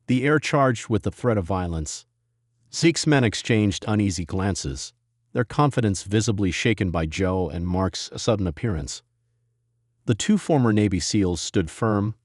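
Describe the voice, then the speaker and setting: A male storyteller reads a scripted drama in an even, measured way. His voice sits very low, and the recording is dry and close with no room sound. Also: no echo. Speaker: narrator.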